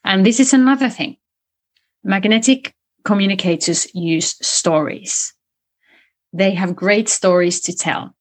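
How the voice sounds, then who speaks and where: A woman guest in an interview, explaining communication skills in a lively conversational way and demonstrating tones of voice as she talks. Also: mid-range voice, unhurried. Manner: animated, explains with spoken demonstrations.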